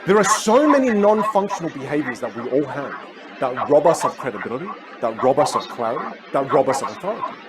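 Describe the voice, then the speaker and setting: A man teaching a live online communication masterclass, energetic and full of storytelling. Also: medium pitch, fast, a loud crowd, very noisy. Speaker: communication coach.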